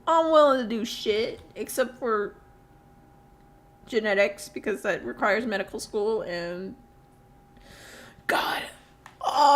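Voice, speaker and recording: A woman's voice: a little high, lively intonation, slow, long pauses. A teenage girl live streaming, chatting casually and rambling through stories, laughing often and swearing freely. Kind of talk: casual chat while drawing on stream.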